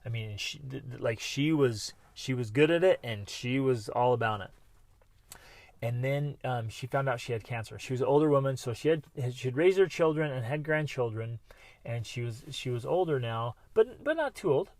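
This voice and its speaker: A middle-aged man hosting a motivational podcast, talking earnestly and breaking into bursts of excitement. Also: mid-range voice, moderate pace, no room sound. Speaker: podcast host.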